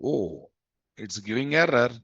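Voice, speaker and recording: A man's voice: mid-range voice, sing-song, a little slow, fairly bright tone, husky, no echo. Man teaching code, muffled audio. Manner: thinks aloud, repeats phrases, often adds "guys?". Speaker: programming instructor. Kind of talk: live coding lesson. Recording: dull, dry lo-fi mic audio.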